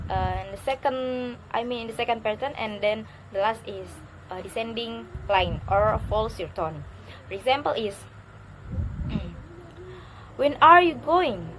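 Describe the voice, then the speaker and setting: A woman giving a spoken pronunciation lesson, halting with fillers and restarts, then exaggerating the rise and fall of her example sentences. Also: fairly high pitch, a little hiss or hum. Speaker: English teacher.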